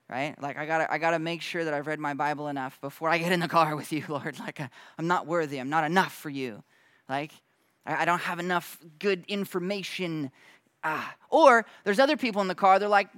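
A man gives a casual sermon, talking loosely and slangily with bursts of animation as he acts out little scenes. His voice sits a bit high for a man and is recorded close and dry, with almost no room sound. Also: normal speed, a bit bright, no echo. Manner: laughs now and then, loose slangy phrasing. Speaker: pastor.

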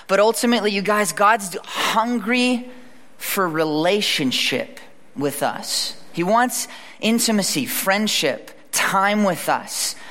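A man preaching a sermon in a conversational, animated way, acting out the lines he quotes. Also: high voice. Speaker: pastor. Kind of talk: sermon with storytelling. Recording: reverberant hall.

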